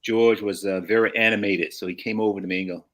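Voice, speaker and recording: A man's voice: on the low side, steady tone, quick pace. A man in his sixties from St. Louis, a guest telling rambling life stories with restarts and chuckles. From St. Louis, USA. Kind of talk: casual storytelling.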